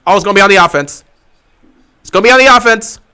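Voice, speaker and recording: A man hosting a fan livestream, talking over a live football game, repeating his points insistently and swinging between excited outbursts and flat, deflated stretches. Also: high voice, fast talker, smooth. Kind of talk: live game watch-along commentary.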